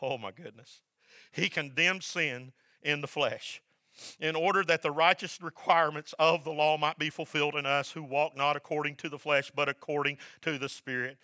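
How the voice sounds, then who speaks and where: A male pastor preaching a sermon, swinging from loud, repeated emphasis down to a soft hush. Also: a little high, steady tone, normal speed, no room sound. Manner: builds to loud emphatic repetition, then drops to a soft hush.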